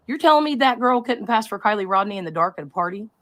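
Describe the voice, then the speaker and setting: A woman's voice: medium pitch, animated, fast. A woman hosting a live stream, talking to her chat in a rambling, conspiratorial way and often interrupting herself. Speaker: livestream host.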